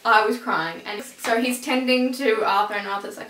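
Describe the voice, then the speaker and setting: A young woman casually retelling a TV episode in an excitable, rambling way, full of "like"s. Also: on the high side, a little fast, slight background noise. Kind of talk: casual chat. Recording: echoey room, a bit far from the mic.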